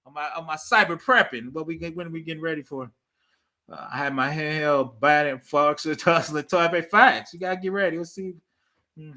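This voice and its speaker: A man's voice: on the high side, moderate pace, sharp tone. A middle-aged man hosting a cybersecurity livestream, chatting casually with his viewers, laughing often and checking in with "right?". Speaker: cybersecurity channel host. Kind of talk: casual livestream commentary reading chat.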